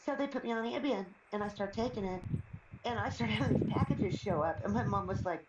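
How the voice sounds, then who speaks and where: On a live stream with background noise, a middle-aged woman talks briskly in a mid-range voice. She rambles casually through stories and laughs often, and the sound is roomy and slightly dull.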